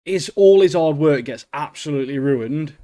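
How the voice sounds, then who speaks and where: A man, co-hosting a podcast in excitable, slangy casual chat. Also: a little high, normal speed. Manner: excitable, slangy, keeps saying mate. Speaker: podcast co-host.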